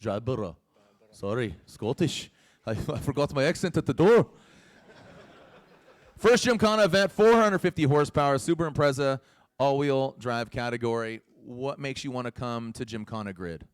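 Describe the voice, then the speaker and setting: A man's voice: medium pitch, moderate pace, clear, resonant tone. A man hosting a live motorsport press conference, joking and teasing the young drivers with lots of laughs. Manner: teasing, playful, laughs often.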